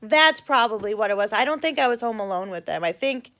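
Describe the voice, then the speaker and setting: On her vlog, a middle-aged woman tells a story from her childhood in a casual, animated way, cursing freely and performing the quoted voices. Her voice sits a little high and moves fairly quickly.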